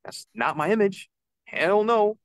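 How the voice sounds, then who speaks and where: A young man, a podcast guest, telling an animated story and acting out the people he quotes. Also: sits high, measured pace, dry recording. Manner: excitable, acts out quoted voices. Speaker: podcast guest, citizen news reporter.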